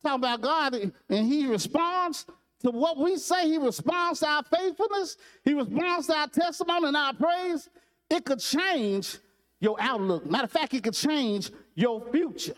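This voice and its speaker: A male preacher speaks in an unusually high voice, preaching in a loose, conversational storytelling style. He repeats phrases and addresses the congregation directly as he builds his points. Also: animated, moderate pace, fairly bright tone. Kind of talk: sermon.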